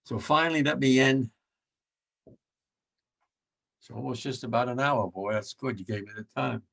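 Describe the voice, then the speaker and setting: A man in his nineties speaks with a gravelly, rough-edged voice at a middle pitch. He talks bluntly and emphatically, repeating his points with rising force, like a veteran addressing young people. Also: a little fast, fairly bright tone. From United States. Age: 90s. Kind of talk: remembrance talk to students.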